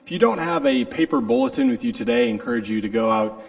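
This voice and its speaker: A man gives church announcements in a friendly, informal manner. His voice is gravelly with a wide, swooping pitch that sits a little high for a man. A long reverb hangs around him in the church hall. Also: wildly swooping pitch, fast, muffled recording.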